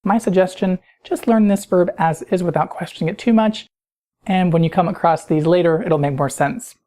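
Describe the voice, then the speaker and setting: A woman's voice: lowish voice, normal speed, dark tone. A woman teaching a recorded grammar lesson, patient and explanatory, often putting questions to the listener. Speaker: Spanish teacher.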